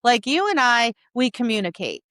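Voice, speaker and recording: Bright, crisp-voiced woman co-host. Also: on the high side, moderate pace, no echo, clean studio sound. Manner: animated, acts out quoted lines; frequent "right?" and "like". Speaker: dog trainer and podcast co-host. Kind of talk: casual chat.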